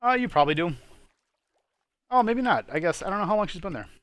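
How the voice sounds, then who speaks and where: A man's voice: high voice, animated, quick pace, fairly bright tone, no room sound. A man hosting a gaming session, telling a long story in casual chat, swearing freely and sounding exasperated. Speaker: host of a gaming channel. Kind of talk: casual chat over gameplay.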